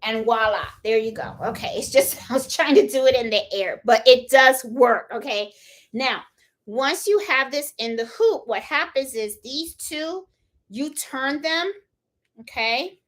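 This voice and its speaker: A woman with a Puerto Rican accent talks viewers through a hands-on crafting demo, her voice sitting a little high. She is chatty and informal, pausing with "hold on" and checking in with "okay?" as she works, and she laughs easily at her own slips. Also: expressive, a bit bright. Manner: laughs at her own fumbles while working. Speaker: crafting channel host. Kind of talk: casual live tutorial demo.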